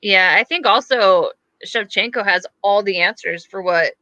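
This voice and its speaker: A woman's voice: medium pitch, normal speed, pushed and bright, dry recording, dull audio. A woman co-hosting a podcast, chatting casually about fights, hedging a lot and using plenty of fillers. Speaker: podcast co-host. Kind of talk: casual sports chat.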